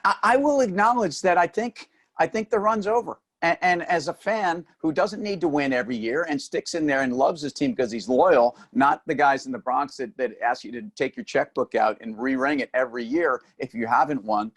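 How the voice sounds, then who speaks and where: A man's voice: fairly high pitch, moderate pace, few pauses. A man co-hosting a finance show, teasing his partner in casual, wisecracking banter. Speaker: co-host.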